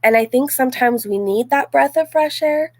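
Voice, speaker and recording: A woman's voice: sits high, normal speed, darkish tone, dry recording. A woman in her forties hosting a casual live stream, reading chat messages and talking them over in a loose, chatty way full of "like" and "um". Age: 40s. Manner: chatty, frequent "like" and "um", laughs easily.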